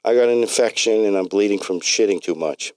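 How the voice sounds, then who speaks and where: A man's voice: on the low side, a little fast, darkish tone, dry recording, voice pushed up, natural voice. A man voicing a sick, desperate middle-aged patient in a read-aloud story. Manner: pleading, urgent.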